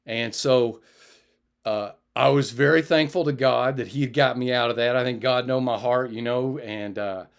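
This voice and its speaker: A man telling a personal testimony as a preacher, lively in his retelling and sinking low and quiet when he recalls praying. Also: normal speed, vocal fry, clear, resonant tone. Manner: animated retelling, raises his voice for others and drops low and quiet for prayer.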